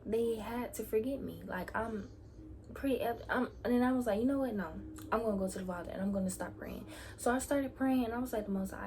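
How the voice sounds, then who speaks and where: A young woman vlogger telling a story about her faith in a casual, chatty way, often dropping into soft whispered asides. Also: medium pitch, slight background noise.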